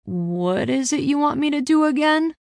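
A woman's voice: medium pitch, big pitch swings, normal speed, dry recording, studio quality. A woman voicing a cautious, worried young male student mage in a read-aloud story. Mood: uncertain. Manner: hesitant, protective.

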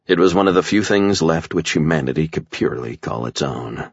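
A man giving a grim, measured first-person narration of an audiobook. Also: extremely low pitch, animated, slightly rough, dry recording, highs cut off.

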